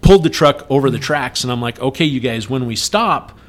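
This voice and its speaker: A middle-aged man in a relaxed conversation, spinning out a long story. He talks in an animated way and jumps up loud whenever he acts out what people shouted. His voice sits at an ordinary pitch for a man. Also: a little fast. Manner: animated, acts out yelled quotes. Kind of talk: casual storytelling chat.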